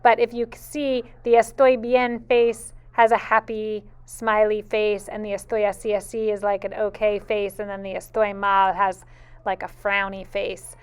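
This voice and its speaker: A woman's voice: mid-range voice, little pitch movement. A woman teaching a Spanish lesson to preschool children in a sing-song, patient teacher voice, drawing out her phrases. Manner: slow, clear and patient. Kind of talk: video lesson for young children.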